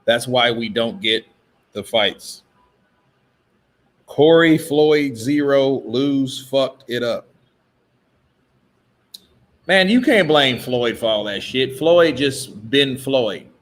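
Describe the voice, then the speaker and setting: Profane, slow-talking man hosting a boxing stream. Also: medium pitch, lively intonation. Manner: profane, laughing, mimics boxers' voices. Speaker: boxing commentary host. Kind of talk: casual live-stream chat.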